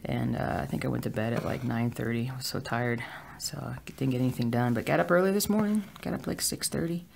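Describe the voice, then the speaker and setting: Crafty vlogger rambling along at home, super gravelly fry, lots of ums and likes. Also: mid-range voice, fast talker, few pauses, a little mellow, a little hiss or hum. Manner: rambling, with filler words. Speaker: cross-stitch vlogger. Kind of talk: casual chat while stitching.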